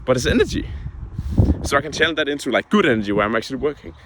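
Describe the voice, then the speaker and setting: A man's voice: medium pitch, big pitch swings, racing, background noise. Young man venting in a casual vlog. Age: young adult. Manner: frank, heated, swears often. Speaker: vlogger.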